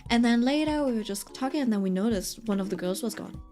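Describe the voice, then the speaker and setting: Fast and expressive, a woman streamer with a warm tone and a voice on the high side talks over soft background music. She's drawing while she chats, spinning a rambling, casual story stuffed with fillers and repeated "right?" check-ins.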